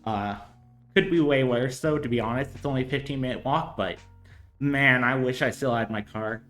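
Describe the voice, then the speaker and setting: A man walks through chemistry problems on a casual stream, drifting into chatty asides and stumbling over fillers as he thinks aloud. His voice sits in a middling range and rings in a roomy space. Soft guitar music plays faintly underneath. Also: mid-range voice, expressive, normal speed. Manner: rambling, hesitant with many fillers, chatty asides. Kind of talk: casual livestream lesson.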